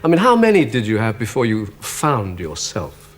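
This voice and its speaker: A man's voice: fairly low pitch, huge pitch swings. A man hosting a television chat show, genially bantering with his guest. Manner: genial, bantering, quick to laugh. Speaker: talk show host. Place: television studio. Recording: hissy 1980s television broadcast.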